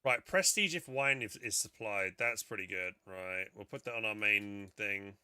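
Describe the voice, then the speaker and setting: A man's voice: lowish voice, moderate pace, pushed and bright, clear, resonant tone, no room sound, clean studio sound. A man casually commenting on his gameplay while streaming, muttering and swearing now and then. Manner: chatty, muttering to himself, swears.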